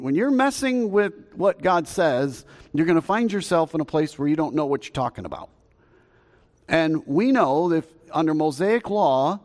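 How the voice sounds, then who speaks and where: A man's voice: medium pitch, a little mellow. A man with a Southern US accent preaching a sermon as pastor, in a folksy, conversational way that asks the congregation questions. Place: church sanctuary. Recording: long hall reverb.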